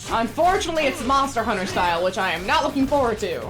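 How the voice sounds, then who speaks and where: A high-voiced woman streamer jokes her way through a game in a playful, chatty way. Her pitch leaps all over the place. Faint music plays behind her. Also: sing-song, quick pace. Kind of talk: gameplay commentary.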